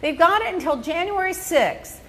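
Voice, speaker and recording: A middle-aged woman with a high, bright voice tells a story on her podcast. Her pitch leaps up and down as she acts out her own reactions, swinging from grumbling to exclaiming. It is easy, chatty storytelling. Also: normal speed. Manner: animated, exclamatory, quotes herself in big swings. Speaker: podcast host. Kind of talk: casual storytelling chat.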